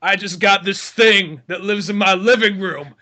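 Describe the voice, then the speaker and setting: A man's voice: high voice, moderate pace, bright, forceful tone. A man voicing a sneering, abusive father who mocks his son. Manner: sneering and insulting. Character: crude, beer-throwing, abusive dad.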